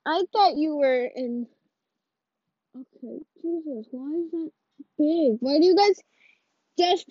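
A woman giving casual, rambling commentary while playing, excitable and mock-ranting. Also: high voice, no room sound. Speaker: video creator. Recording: dull lo-fi audio.

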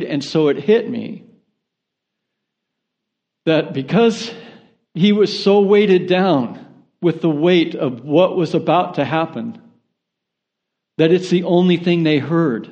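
A man's voice: on the high side, takes it slowly, long pauses, darkish tone. Earnest male preacher, lo-fi sound. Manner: earnest, rising to impassioned preaching. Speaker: pastor. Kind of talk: sermon.

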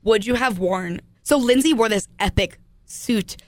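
A woman's voice: on the high side, unhurried, no echo, clean studio sound. A young woman in her twenties hosting a casual podcast, rambling with many fillers and restarts. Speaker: podcast host.

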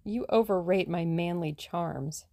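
A woman's voice: lowish voice, a little slow, gravelly, warm tone, no room sound. A woman voicing a dry-witted young man.

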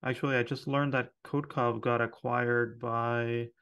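A man co-hosting a podcast, talking shop in a relaxed, chatty way with lots of fillers and quick laughs. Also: mid-range voice, clear, resonant tone. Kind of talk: casual technical chat.

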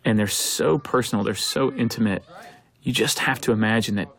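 A man's voice: fairly low pitch, brisk, vocal fry, fairly bright tone. A man, a film director, giving an earnest, reflective audio commentary, thinking aloud as he talks.

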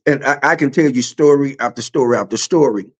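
A man's voice: mid-range voice, a little fast. A man hosting a podcast, talking in a preacherly way about spirituality and stories of his own, building emphasis with repeated phrases. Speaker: podcast host. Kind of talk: casual spiritual chat.

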